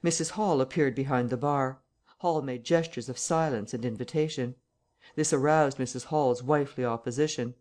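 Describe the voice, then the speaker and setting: A man reading a classic novel aloud as audiobook narration, measured and steady. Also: medium pitch.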